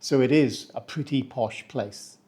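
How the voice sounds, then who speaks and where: A man from England, a teacher giving a playful pronunciation lesson who slows down to say each word. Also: mid-range voice, dark tone. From northeast England. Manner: playful, slows down to spell out words. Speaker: English teacher.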